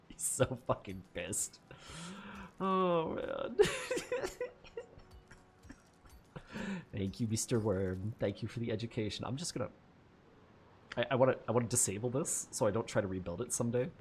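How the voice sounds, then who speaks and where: A man's voice: mid-range voice, animated, normal speed. A man giving casual gameplay commentary, thinking aloud, swearing freely and laughing often. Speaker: gameplay streamer.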